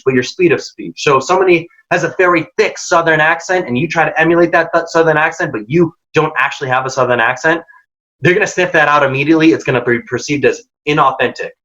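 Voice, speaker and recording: Fairly high-pitched and fairly quick, the man's bright, forceful voice drives a career workshop recorded in dull lo-fi audio. He acts out quotes while handing out direct, emphatic advice.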